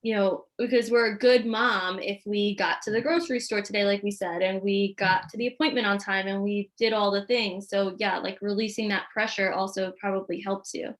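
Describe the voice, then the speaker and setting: Young mom hosting a chat, friendly, laughs along, says like a lot. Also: female voice, medium pitch, fairly even intonation, fairly quick, hardly any pauses. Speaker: podcast host and interviewer. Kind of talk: casual interview chat.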